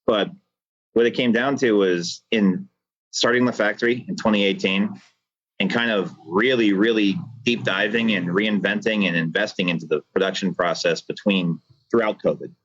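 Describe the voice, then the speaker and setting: A cigar factory owner appears as a podcast guest over a video call, speaking at length with passion and some rambling in an earnest, reflective monologue. His voice is deep and a bit bright at normal speed, and the audio is dry and dull with lo-fi video call quality.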